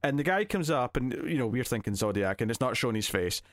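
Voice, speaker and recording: A man co-hosting a movie podcast who retells scenes with lively energy and drops into quick character voices. His voice sits in a middle pitch, recorded close and dry with no room sound. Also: no echo. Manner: animated retelling, acts out scenes in quoted voices. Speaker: podcast co-host. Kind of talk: casual film review chat.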